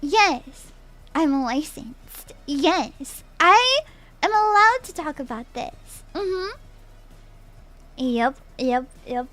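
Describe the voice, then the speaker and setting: A bubbly young woman chats on a live stream, her high voice bouncing all over the place. She laughs easily and slips into mock-formal bits. Faint music plays behind her. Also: sing-song, extremely slow, fairly bright tone. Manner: bubbly and playful, laughs often, repeats phrases. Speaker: VTuber streamer. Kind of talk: casual live-stream chat, reading chat aloud.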